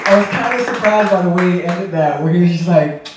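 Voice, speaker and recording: Male emcee, teasing and rambly, slightly high voice, distant mic, very echoey club. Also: fairly quick, over a noisy crowd, heavy background noise. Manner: teasing, rambling banter with the audience. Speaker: comedy show host. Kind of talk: emceeing between acts. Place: comedy club stage. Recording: echoey club recorded from afar.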